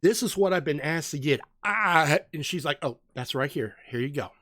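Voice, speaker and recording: Animated, slightly high-voiced man telling stories. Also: normal speed, no room sound, clean studio sound. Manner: animated storyteller, acts out voices. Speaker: podcast co-host. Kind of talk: casual chat, storytelling.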